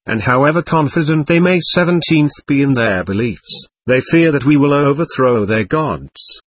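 A man voicing a somber, commanding male alien overseer in an audiobook, with a measured, grave delivery. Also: mid-range voice, slightly rough, no room sound.

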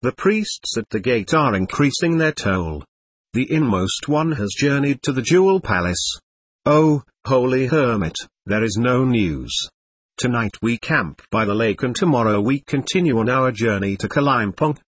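Figure: a man playing a booming, bellowing trader. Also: expressive, a little slow, slightly rough, no echo. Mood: boisterous. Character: loud, boisterous grown male trader.

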